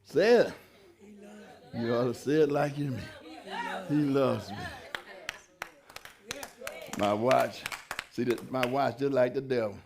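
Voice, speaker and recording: A man preaching a sermon as pastor, fervent and conversational, building to shouted peaks with folksy asides. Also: medium pitch, normal speed, pauses often.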